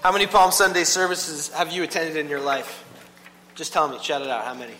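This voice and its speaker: A man preaching a casual, animated sermon, full of "like" and quick asides to the congregation. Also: a little high, faint music behind. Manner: animated, filler-heavy with frequent "like". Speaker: pastor. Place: church hall. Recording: long hall reverb, faint hum.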